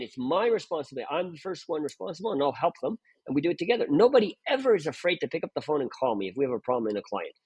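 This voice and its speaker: A man's voice: fairly high pitch, slightly rough, no echo. A man speaking as a guest performance mentor, emphatic and full of "right?" tag questions. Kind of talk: animated interview talk.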